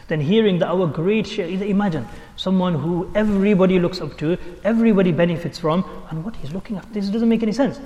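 A man's voice: sits high, quick pace, few pauses, dark tone. Emotive male preacher in a reverberant hall. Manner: emotive storytelling, voicing the story's people. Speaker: Islamic preacher. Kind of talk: sermon storytelling.

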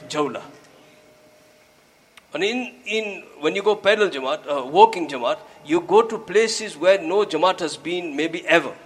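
Man preaching, earnest and exhorting, kinda higher voice, mixes in urdu and arabic words. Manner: earnest, exhorting, grows louder when urging. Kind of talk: sermon with storytelling.

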